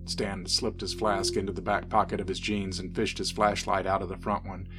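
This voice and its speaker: Low-voiced male horror story narrator. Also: over music. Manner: steady, measured reading.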